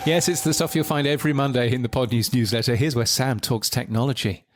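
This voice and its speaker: A man's voice: medium pitch, steady tone, fast talker, over music. A man hosting a podcast news roundup in a casual, rambling way, full of ums and dry jokes.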